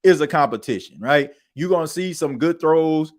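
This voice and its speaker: Animated man ranting sports talk. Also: a little high, moderate pace. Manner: emphatic, colloquial, ranting. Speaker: podcast host.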